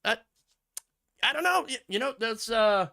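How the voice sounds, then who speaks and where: A man's voice: extremely high pitch, animated, a little slow, bright, forceful tone. A man hosting a political commentary show, talking sarcastically over news clips with mocking asides.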